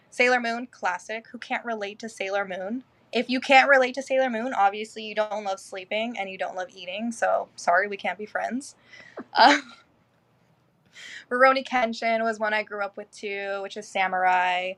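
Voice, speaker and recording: A woman's voice: mid-range voice, fairly bright tone. A woman guest in a casual interview who chats freely, laughs often and swears now and then.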